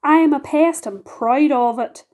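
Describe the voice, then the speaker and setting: Woman reading boastful male centipede, gleeful, loud, high voice. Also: measured pace.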